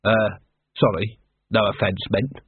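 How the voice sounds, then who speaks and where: A man's voice: on the low side, level tone, measured pace, slightly rough, no echo, voice pushed down. A man voicing a weary, cynical, middle-aged watch captain who talks in a dry, grumbling way in an audiobook reading. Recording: dry, phone-like narrow band.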